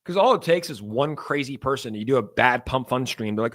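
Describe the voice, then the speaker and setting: A man's voice: mid-range voice, brisk, fairly bright tone. A young man hosting a casual crypto livestream, talking in a hyped, joking and profane way. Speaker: crypto streamer.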